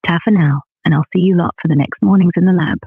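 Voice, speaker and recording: A woman's voice: lowish voice, quick pace, husky, dry recording. An AI voice of a woman with a northern English accent, signing off a live show as co-host in breezy, slangy British banter. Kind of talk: cheerful synthetic chat sign-off. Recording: tinny phone-like line, dry.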